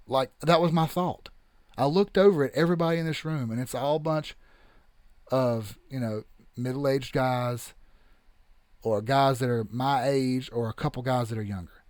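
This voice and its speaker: A young man hosting, telling a story in a casual, animated and blunt way, swearing freely. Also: medium pitch, normal speed, no room sound. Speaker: host. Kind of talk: casual storytelling, reading chat.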